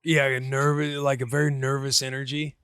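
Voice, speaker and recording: A man in his thirties tells a rambling, animated story about his small daughter on a casual podcast. He jumps between quoted voices and easy chat. His voice sits mid-range and sounds close and dry. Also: medium pitch, brisk, smooth, no echo. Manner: excitable, acts out his daughter and himself in quotes. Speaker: podcast co-host, former football player.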